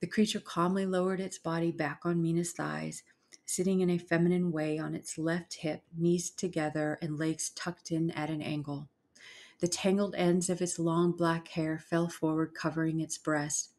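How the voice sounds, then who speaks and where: A woman narrates a ghost story in a low, hushed voice. She reads dramatically and drops to whispers at tense moments. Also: flat delivery, moderate pace.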